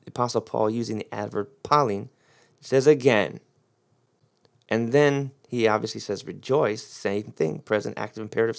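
Gravelly-voiced man preaching a sermon. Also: medium pitch. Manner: teaching Greek grammar of scripture, emphatic.

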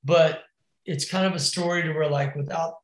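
A man with a somewhat high voice tells a gnarly crash story in loose, animated slang, peppered with bro, dude and curses. His voice rings in a roomy, echoey space. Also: moderate pace. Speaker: podcast guest, BMX rider. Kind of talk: casual storytelling.

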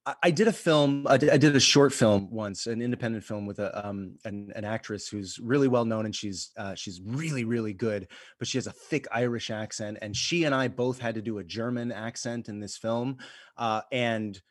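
A man, a podcast guest in casual conversation, telling stories in an animated way. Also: lowish voice, normal speed, no room sound, clean studio sound. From United States.

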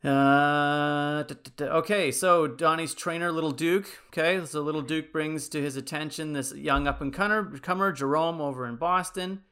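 A man co-hosting a podcast, casually pitching a movie sequel in a rambling way, full of likes and ums. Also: fairly even intonation, moderate pace, few pauses, pushed and bright, clear, resonant tone. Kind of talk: casual chat.

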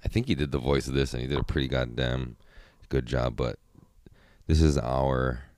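Male solo podcaster, very low voice, dry close sound, rambling and profane. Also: fairly even intonation, normal speed, darkish tone, no room sound. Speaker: podcast host.

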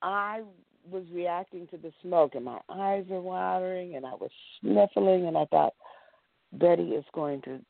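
A woman, an actress guest in an interview, telling animated stories and acting out what people said. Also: on the low side, moderate pace, gravelly, dry recording. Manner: animated storyteller acting out quotes. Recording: dry, tinny phone-like line.

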